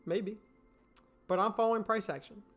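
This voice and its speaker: Casual trading streamer, higher-voiced man. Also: moderate pace, faint music behind. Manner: relaxed, reads viewer questions aloud and answers bluntly. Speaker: day trading show host.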